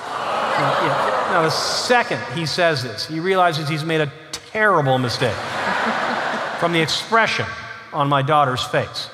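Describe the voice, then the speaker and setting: A middle-aged man, an author, telling humorous family stories to a live audience in an animated, self-deprecating way. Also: a little high, normal speed, slight background noise. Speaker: author giving a lecture. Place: lecture hall on stage. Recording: reverberant lecture hall.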